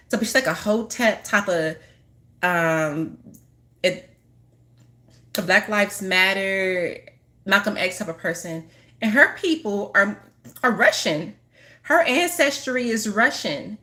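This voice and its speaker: A woman who works as a spiritual healer chats casually to her viewers on camera, rambling, restarting sentences, and laughing often with apologetic, giggling asides. Her voice is medium in pitch with a sharp tone.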